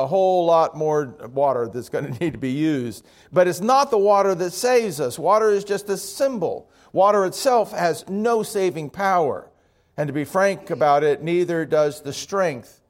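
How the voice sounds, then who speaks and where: A male pastor preaching a sermon to his congregation in a conversational way, with joking asides. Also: fairly high pitch.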